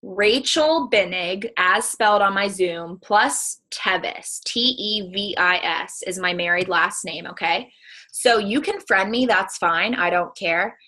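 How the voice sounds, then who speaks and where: A woman's voice: medium pitch, slow pace, pushed and bright, rough recording. A young woman giving a casual, emphatic sales-team presentation over a video call, chatty and repeating her warnings. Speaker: network marketing presenter.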